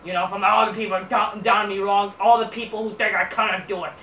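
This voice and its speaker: A woman's voice: medium pitch, fairly even intonation, fairly bright tone, dull audio, slight background noise, voice pushed down, lightly acted. A woman mocking a rambling brooding wrestler. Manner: halting, rambling, crude. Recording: roomy echo from distant mic.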